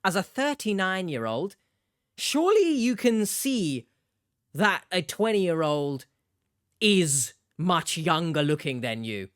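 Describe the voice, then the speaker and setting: Blunt and exasperated, this commentator lectures in a middle-pitched voice. The sound is dry and close, with no room to it. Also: big pitch swings, slow, smooth, no room sound. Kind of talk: reaction commentary.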